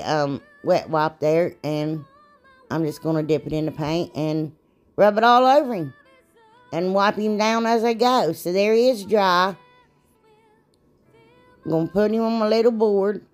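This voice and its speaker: A woman's voice: lowish voice, measured pace, a little mellow, soft background music. A woman, chatting casually and rambling a little as she narrates a DIY craft video. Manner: chatty, rambling, laughs at herself.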